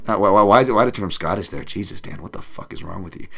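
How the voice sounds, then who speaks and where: A man hosts a podcast in loose, casual talk, reading out chat messages and answering them with plenty of swearing and self-mocking jokes. His voice sits a little low and has a bright, forceful edge. He laughs easily and drops into silly voices now and then. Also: quick pace, gravelly, hardly any pauses. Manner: profane, self-deprecating, reads chat aloud; laughs often, does funny voices. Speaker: podcast host. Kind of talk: casual live-stream chat.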